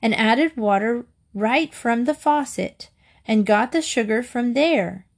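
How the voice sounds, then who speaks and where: A woman's voice: a little high, animated, slow, creaky, full character voice. A woman voicing a stubborn, determined young girl in a storybook reading. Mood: insistent.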